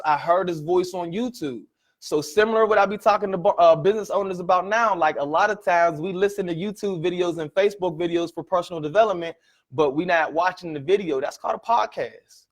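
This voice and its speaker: Male motivational speaker, fairly high voice, animated storyteller working the room. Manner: animated storytelling, repeated "right?" and "ladies and gentlemen". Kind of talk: presentation to an audience.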